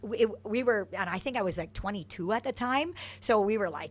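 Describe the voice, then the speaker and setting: Energetic middle-aged woman telling stories. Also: mid-range voice, fairly quick. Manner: energetic, animated storyteller. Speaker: soccer coach, guest. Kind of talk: interview storytelling.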